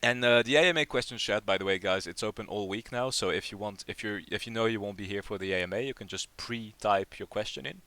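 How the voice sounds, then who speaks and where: A man's voice: on the low side, fast talker, hardly any pauses, pushed and bright. A man hosting a live community Q&A, chatting casually and rambling with lots of fillers and restarts. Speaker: project lead hosting a community AMA.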